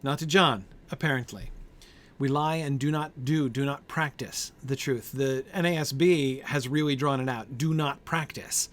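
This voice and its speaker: A man with a mid-range voice at normal speed leads an informal Bible study group. He thinks out loud with many fillers, keeps asking "right?", and responds to members by name.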